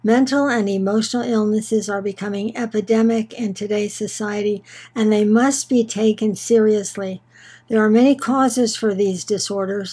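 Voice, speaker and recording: A woman giving a scripted Bible lesson in a measured, earnest way, slowing down on key words for emphasis. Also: mid-range voice, warm tone, slightly rough, poor audio. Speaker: Bible teacher. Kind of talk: scripted teaching narration.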